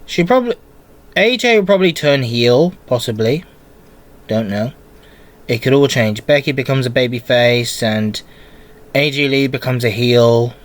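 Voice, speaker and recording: A man hosting a casual solo wrestling podcast, rambling and restarting his sentences, with a cold. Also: mid-range voice. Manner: slow, rambling, restarts often. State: has a cold. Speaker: podcast host.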